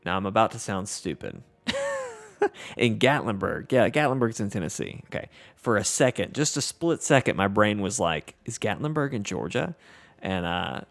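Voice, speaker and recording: A man's voice: deep voice, vocal fry, a bit bright. A man with a Southern US accent hosting a casual gameplay livestream, reading chat aloud in an easygoing, self-deprecating way. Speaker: livestream host.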